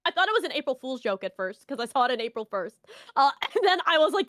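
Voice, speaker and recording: Young woman, co-host, high pitch, sarcastic, teasing, laughs, dry sound. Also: very animated, fast talker, a bit bright, no room sound. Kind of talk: casual live comic reaction.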